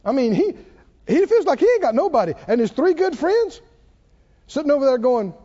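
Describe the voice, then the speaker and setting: A man preaching a sermon, conversational and animated, drawing call-and-response from the congregation. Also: extremely high pitch, normal speed, in a large hall, dull audio. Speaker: pastor.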